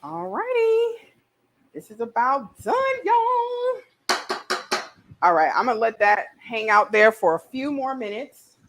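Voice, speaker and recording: A woman's voice: on the high side, lively intonation, moderate pace, fairly bright tone. A woman hosting a casual cooking show, bubbly and exclamatory, chatting straight to her viewers as she cooks.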